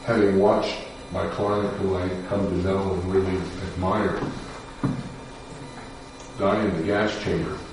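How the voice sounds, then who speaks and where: A man, a defense lawyer, telling a personal story in a measured, somber way with pauses and fillers. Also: low-pitched, little pitch movement, distant mic, noisy background. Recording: echoey room picked up from afar.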